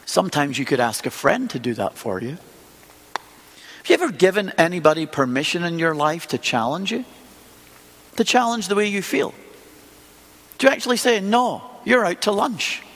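Male preacher, sermon, conversational, rhetorical questions, high voice, long reverb. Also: sing-song, moderate pace, pauses often, fairly bright tone.

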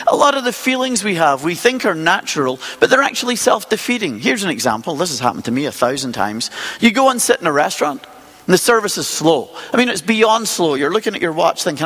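A male preacher delivers his sermon conversationally, firing off one rhetorical question after another. His high, husky voice leaps about lively and fast, trailed by a long reverb.

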